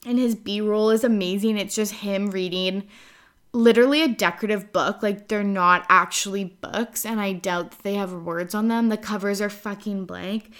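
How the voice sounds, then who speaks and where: A woman's voice: medium pitch, fairly even intonation, moderate pace, fairly bright tone. A woman in her twenties from British Columbia, hosting a casual solo podcast in a chatty, rambling way with lots of "like". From British Columbia, Canada. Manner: chatty, rambling, heavy use of "like", frequent laughs. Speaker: podcast host.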